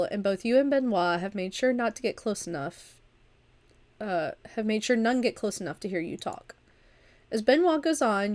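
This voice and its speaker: A woman's voice: mid-range voice, a little mellow. A woman reads a vampire story game aloud on a livestream. She is at the tail end of an illness, stumbles and restarts now and then, and drops into chatty asides between passages. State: recovering from a long illness. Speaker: streamer and storyteller. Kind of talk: reading a vampire visual novel aloud on a livestream.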